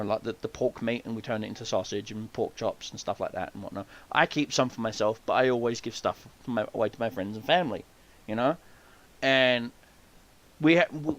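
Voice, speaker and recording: A man hosting a podcast, telling hunting stories in a casual, profane, animated way and acting out the people he quotes. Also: mid-range voice, no room sound. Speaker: podcast host. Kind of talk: casual storytelling chat.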